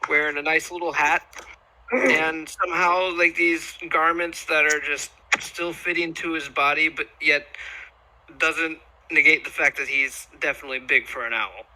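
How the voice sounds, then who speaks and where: A man playing a tabletop game, describing his character haltingly with many restarts. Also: fairly high pitch, fairly even intonation, bright, forceful tone, low-quality recording. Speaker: player.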